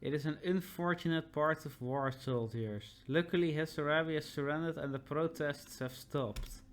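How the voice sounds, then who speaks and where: A man voicing a stern, burdened army captain in a video game, speaking in a measured, grave and authoritative way. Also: fairly high pitch, natural voice.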